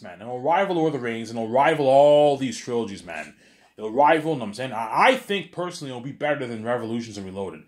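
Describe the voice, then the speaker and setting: A man telling a rambling imagined story in casual monologue, repeating filler phrases and swinging into loud excited bursts. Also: mid-range voice, fast talker, a little hiss or hum. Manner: rambling, repeats "he's like" and "you know what I'm saying".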